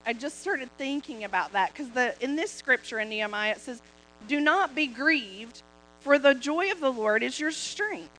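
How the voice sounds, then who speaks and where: A woman speaking at church in a chatty, relaxed way with many fillers, reflecting on scripture. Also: on the high side, a little hiss or hum, rough recording. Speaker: co-pastor, preacher's wife. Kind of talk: casual sermon talk.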